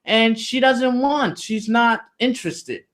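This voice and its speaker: A man's voice: very high-pitched, expressive, takes it slowly, fairly bright tone. A man being interviewed, telling a story in loose, slangy, profane casual talk with lots of "you know". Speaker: interview guest.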